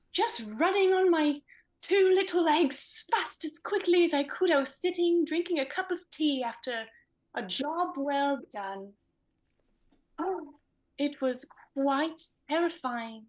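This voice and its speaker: A woman plays her character in a tabletop game, speaking slowly and genteelly. Her voice sits a little high. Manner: slow, genteel in-character speech. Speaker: player.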